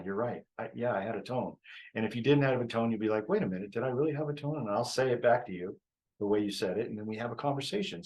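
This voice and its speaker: A man with a fairly low voice gives a relaxed live-stream talk on relationships. He is reflective, often repeats his phrases, and laughs easily as he explains things. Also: poor audio. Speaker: relationship coach.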